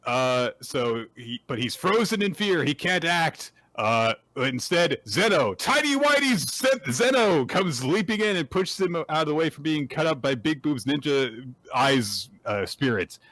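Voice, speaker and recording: Man, podcast host, casual recap, lively pitch, dry close sound. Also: unhurried, no echo. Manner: animated retelling with acted quotes and laughter. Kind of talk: casual chat recapping manga chapters.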